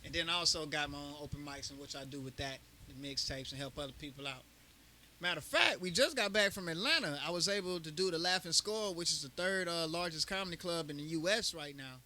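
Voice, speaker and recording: A young man, a stand-up comedian, chatting in an interview and telling jokes with slangy, animated storytelling. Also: fairly high pitch, quick pace. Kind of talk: casual interview, joking.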